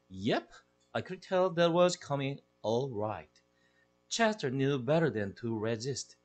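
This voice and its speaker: A man with a Korean accent, an English teacher, expressively reading a children's novel aloud in a deliberate storytelling manner. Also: mid-range voice, sing-song.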